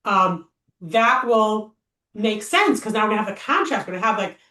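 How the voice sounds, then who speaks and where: In an echoey room, a bit away from the mic, a woman leads an informal Torah text study session. Her mid-range voice has a sharp tone and lively intonation at normal speed, and she chats and reasons aloud with many fillers and rhetorical questions.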